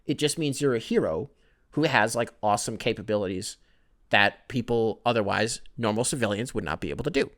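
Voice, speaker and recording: A man's voice: lowish voice, lively intonation, a little fast, fairly bright tone. A young man hosting his own podcast alone, rambling casually with plenty of swearing and self-deprecating asides. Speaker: podcast host. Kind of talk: solo casual podcast rant.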